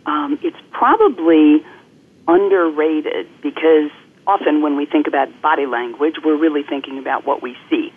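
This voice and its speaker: A woman guest coach explaining things clearly and articulately in an interview, speaking over the phone. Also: sits low, lively intonation, normal speed. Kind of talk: interview on a podcast. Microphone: telephone. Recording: phone-line call-in audio.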